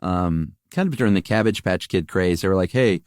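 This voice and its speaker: Casual podcast co-host, male, lowish voice, relaxed and hesitant, dry close mic. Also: fairly quick, smooth, dry recording. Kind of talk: casual chat.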